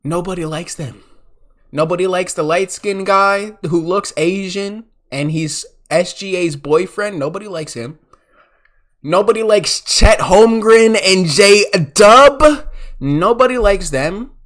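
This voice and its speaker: A man's voice: high-pitched, slow, fairly bright tone. A young man giving ranting, mocking sports commentary as a vlogger, exasperated and repetitive.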